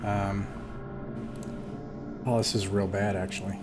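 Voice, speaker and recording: A man narrating as game master of an online tabletop game, halting and full of fillers and restarts. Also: lowish voice, flat delivery, over loud music.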